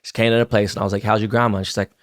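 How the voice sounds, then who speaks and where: A man's voice: on the low side, level tone, very fast. A man in his fifties telling a story on a podcast in casual, profane slang, acting out quoted lines. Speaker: podcast co-host.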